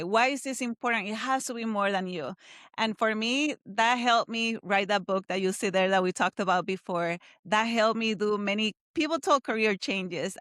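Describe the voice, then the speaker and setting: A woman's voice: medium pitch, fairly bright tone, no echo, clean studio sound. A woman guest with a noticeable accent, speaking earnestly and encouragingly about finding purpose. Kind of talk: motivational interview talk.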